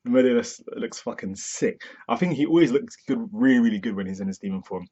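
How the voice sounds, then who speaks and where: Husky young man chatting on a lo-fi mic. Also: medium pitch, fairly quick, hardly any pauses, warm tone. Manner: chatty, swears often, laughs at himself. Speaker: manga reviewer, channel host. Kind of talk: casual reaction review. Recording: dull lo-fi recording.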